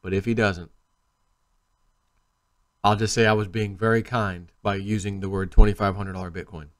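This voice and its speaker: Rambling, animated man vlogging. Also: on the low side, moderate pace. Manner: rambling, animated storytelling with acted-out quotes. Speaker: crypto video host. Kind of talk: casual to-camera vlog talk.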